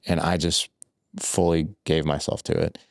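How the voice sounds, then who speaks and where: A man with a very low voice and a gravelly edge, sitting as a podcast guest. He tells his story loosely and candidly, repeating "like" and "I was like". The sound is dry and close. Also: level tone, moderate pace, no room sound. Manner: loose and repetitive, full of "like" and "I was like". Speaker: podcast guest, fatherhood coach.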